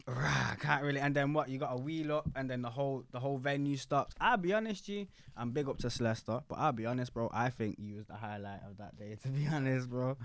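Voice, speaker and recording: A man's voice: medium pitch, brisk, vocal fry, hardly any pauses. A young man with a Manchester accent co-hosting a casual chat show, slangy and often asking "you get me". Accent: Manchester English. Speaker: podcast co-host.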